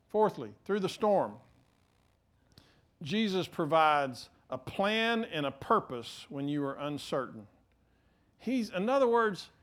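Pastor man mid sermon, kinda high voice, trips over his words then gets loud. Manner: halting restarts, swings from quiet to emphatic.

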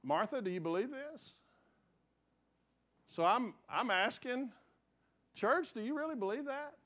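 A man preaching a sermon as pastor, telling stories earnestly and dropping from raised emphasis to hushed, quiet passages. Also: extremely high pitch, animated, unhurried. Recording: dull lo-fi sound.

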